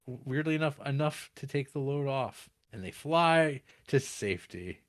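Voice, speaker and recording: A man's voice: mid-range voice, lively intonation, a little slow, dry recording, clean studio sound. A man co-hosting a casual film podcast, recapping a plot in a laid-back, chuckling way. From Canada. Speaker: podcast co-host.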